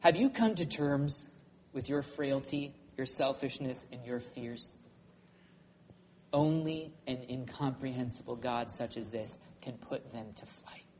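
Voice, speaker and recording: A man preaching a sermon at a middle pitch, his delivery rising to loud, emphatic peaks and falling back to quiet, low stretches. A faint hiss sits behind his voice. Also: measured pace. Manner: emphatic preaching, swinging from loud, high passages to hushed, low ones; closes by leading a spoken prayer. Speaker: pastor.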